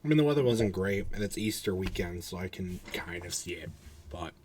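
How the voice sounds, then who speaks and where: A man with a somewhat low voice hosts a laid-back podcast. He asks loose follow-up questions, teases his guest, and breaks into laughter readily. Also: expressive, brisk, a little mellow. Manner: laughing, teasing interviewer. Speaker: podcast host. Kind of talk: casual podcast chat.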